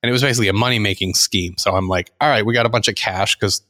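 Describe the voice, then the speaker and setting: A man's voice: on the low side, very fast. A middle-aged man telling a long story in casual podcast chat, acting out the voices of the people in it. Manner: animated anecdote teller, acts out quotes. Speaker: podcast co-host.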